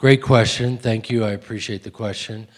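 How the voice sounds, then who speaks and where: A man's voice: fairly low pitch, normal speed. A man, an actor, telling rambling, self-deprecating stories while answering audience questions at a film festival Q&A. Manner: rambling, animated, self-deprecating, many restarts. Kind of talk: festival Q&A storytelling.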